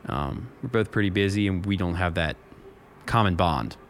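A man's voice: low-pitched, expressive, normal speed, slight background noise. A man co-hosting a faith podcast in casual chat, talking in an enthusiastic and reflective way. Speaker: podcast co-host.

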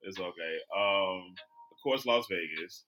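Very deep voiced guy, bright edge, lots of ums, slight noisy background. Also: a little slow. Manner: laid-back, hesitant with many ums. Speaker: co-host. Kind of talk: casual chat.

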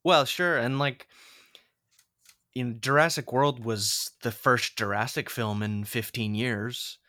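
A man's voice: mid-range voice, steady tone, takes it slowly, sharp tone, no echo, studio quality. A young man co-hosting a podcast, chatting casually with lots of fillers and restarts. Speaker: podcast co-host. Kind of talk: casual chat.

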